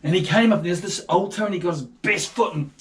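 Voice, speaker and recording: A man with a New Zealand accent telling a Bible story to children in a casual, playful, animated way. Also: sits high, fairly quick.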